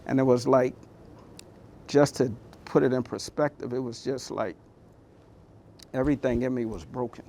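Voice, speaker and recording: A man's voice: medium pitch, fairly even intonation, normal speed, long pauses, a little mellow, a little hiss or hum. A man giving a motivational talk, telling his personal story in a candid, conversational, heartfelt way. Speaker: motivational speaker.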